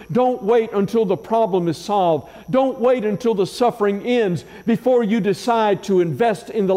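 A man with a high but mellow voice preaches a sermon, measured and emphatic, stacking repeated phrases to drive each point home. His words ring out with a long reverb from a large church sanctuary. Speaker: pastor.

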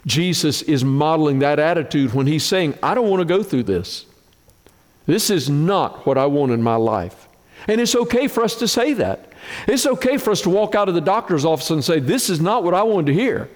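A man preaching a sermon as pastor, slow and emphatic, with dramatic swings in pitch. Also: lively intonation, big-room sound.

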